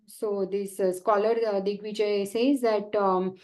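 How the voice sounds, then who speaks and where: A woman retelling a sacred story in a devotional class, with many pauses and fillers. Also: mid-range voice, fairly even intonation, dark tone, rough recording. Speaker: devotional speaker.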